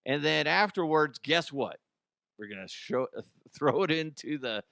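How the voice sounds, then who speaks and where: A man hosting a comedy news podcast, ranting sarcastically with lots of swearing, swinging between loud outbursts and mutters. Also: fairly high pitch, animated, a little slow, vocal fry, no echo, clean studio sound. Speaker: podcast host.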